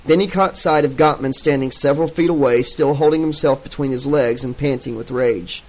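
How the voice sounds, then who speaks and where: A man narrating a horror audiobook in a steady, dramatic reading. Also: mid-range voice, low-quality recording.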